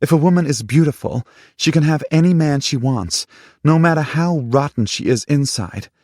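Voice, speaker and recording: A man's voice: big pitch swings, slow, husky, dry recording, studio quality, heavily acted. A man voicing a furious, accusing young woman. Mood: angry. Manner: sharp, accusing, voice pitched up high. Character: furious young woman, time-displaced lover. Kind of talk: audiobook character voice.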